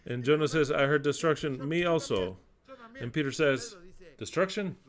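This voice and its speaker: A man preaching a sermon, reading scripture aloud and commenting on it with sarcasm and crude swearing, swinging from loud declamation to low muttering. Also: normal speed.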